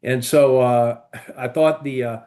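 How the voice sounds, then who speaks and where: Warm in tone and medium in pitch, this man's voice keeps a fairly even intonation and a measured pace. As a podcast co-host in casual chat, he drifts through long stories heavy with fillers.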